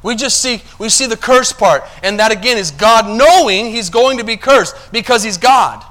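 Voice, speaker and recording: Preacher, male, high bright voice, shifts from hushed asides to loud emphasis. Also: expressive, moderate pace. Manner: preaching, asks the congregation if they follow; swings between quiet low asides and loud emphatic passages. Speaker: pastor. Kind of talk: sermon.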